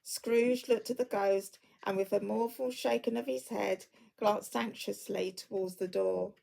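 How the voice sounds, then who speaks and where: A woman reading a classic story aloud at an unhurried pace, stumbling now and then and correcting herself. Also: mid-range voice, steady tone, creaky, mellow, low-quality recording.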